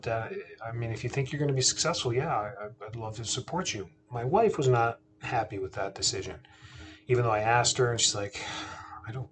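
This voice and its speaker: A man, a chiropractor and podcast host, telling a family story in a casual, earnest, conversational way. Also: fairly low pitch. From Canada. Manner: earnest, conversational, quotes himself and his father.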